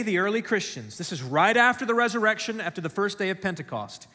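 A man preaching a sermon, telling stories and acting out voices, then dropping low and quiet for key points. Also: sing-song, quick pace, few pauses. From West Africa. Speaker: pastor. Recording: long hall reverb.

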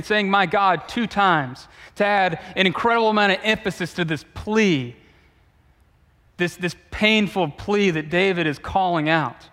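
A man, a youth pastor, giving a sermon in a conversational way, with relaxed asides and restarts. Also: high-pitched. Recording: long reverb of a large hall.

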